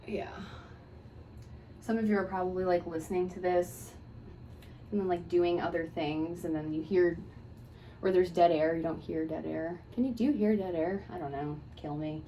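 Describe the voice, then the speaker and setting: A woman's voice: on the low side, fairly even intonation, normal speed, warm tone, far from the mic. A woman hosting her podcast while doing her makeup, talking in a casual, rambling way with wry asides. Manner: chatty, offhand, wry asides. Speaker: podcast host. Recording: echoey room, voice away from mic, faint hiss.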